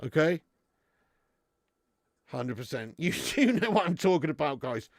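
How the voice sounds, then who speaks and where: A man chats and banters on a live stream, swearing freely and laughing between jokes. His voice sits high and swings widely in pitch, with a gravelly rasp. The sound is close and dry. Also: sing-song, a little slow, dry recording. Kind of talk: casual live-stream chat reading viewer comments.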